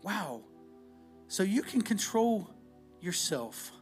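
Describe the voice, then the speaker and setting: A pastor delivers a conversational sermon. His voice sits high, and he moves between loud, emphatic bursts and hushed, intimate asides. Faint instrumental music plays underneath. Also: very animated, slow.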